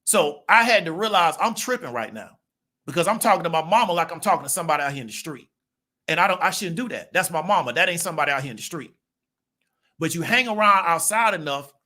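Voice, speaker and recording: A man's voice: high-pitched, pushed and bright. A man, giving a casual monologue to his viewers and checking in with rhetorical questions. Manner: conversational, rhetorical "right?" check-ins. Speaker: channel host.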